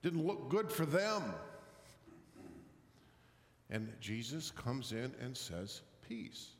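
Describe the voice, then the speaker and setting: In a large, echoey church, a man with a mid-range voice delivers a slow sermon with big pitch swings. He is reflective and questioning, adding a touch of humor, and the recording sounds somewhat distant with roomy hall reverb.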